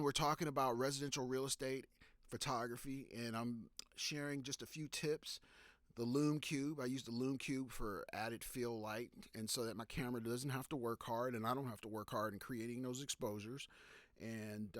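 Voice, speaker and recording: A man's voice: mid-range voice, fairly bright tone, dry recording. A man giving photography tips on a live stream, talking loosely with fillers and restarts and stopping to answer viewer questions. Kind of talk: casual live-stream talk.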